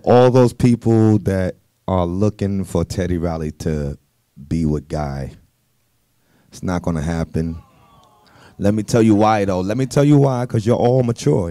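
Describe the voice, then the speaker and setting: Blunt low-voiced middle-aged man. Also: mellow, no echo, studio quality. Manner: blunt, emphatic. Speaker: interviewee. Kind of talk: interview talk.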